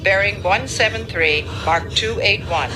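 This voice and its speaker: A woman voicing a calm female starship computer that gives flat, measured readouts. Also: medium pitch, background noise, lightly acted. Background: music.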